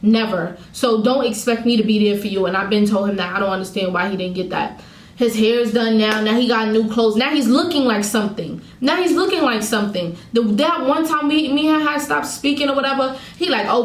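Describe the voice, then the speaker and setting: A woman's voice: fairly high pitch, brisk, echoey room, low-quality recording. A woman vlogger venting candidly to her viewers, telling a painful breakup story in her own words. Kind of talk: emotional storytime vlog.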